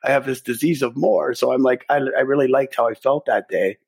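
A middle-aged man, a podcast guest, telling a personal story in a lively way and acting out his own thoughts. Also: medium pitch, a little fast, creaky, husky.

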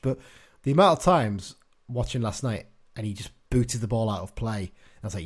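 A man's voice: medium pitch, animated, fairly quick, hardly any pauses. A man co-hosting a casual football podcast, chatty and opinionated, often tagging his points with questions. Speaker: podcast co-host.

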